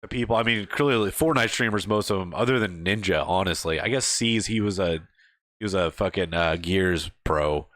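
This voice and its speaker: A young man co-hosting a casual podcast, swearing freely, laughing often and acting out loud yelled quotes. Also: low voice, normal speed. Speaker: podcast host. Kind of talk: casual chat.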